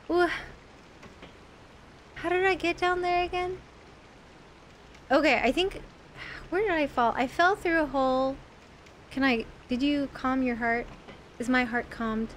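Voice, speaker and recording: A woman's voice: high voice, slow, long pauses, fairly bright tone, slight background noise. A woman streamer chatting to her viewers as she plays, shrieking when enemies jump out. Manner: talks to viewers in chat. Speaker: game streamer. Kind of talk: live gameplay commentary.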